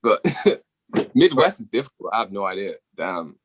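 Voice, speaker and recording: A young British man chatting loosely as a podcast guest, with a lowish voice and an easy, unhurried delivery. He swears freely and laughs often. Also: sing-song. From England. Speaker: musician guest. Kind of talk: casual podcast chat.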